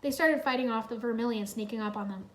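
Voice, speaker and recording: A woman's voice: on the high side, fast. A woman reading a fan story aloud in plain storytelling narration. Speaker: reader. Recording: roomy echo.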